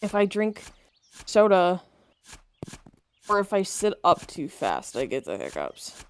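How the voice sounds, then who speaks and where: A woman's voice: fairly low pitch, huge pitch swings, slow pace, slight background noise. Woman with hiccups chatting on a call, voice jumps up and down a lot, laughs easy. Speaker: streamer's friend on call. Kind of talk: casual chat.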